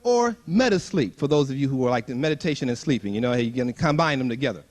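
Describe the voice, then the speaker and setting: A man's voice: mid-range voice, lively intonation, quick pace, darkish tone. A man telling a funny story to a live audience at a retreat, acting out the voices he quotes and chuckling often. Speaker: spiritual retreat speaker.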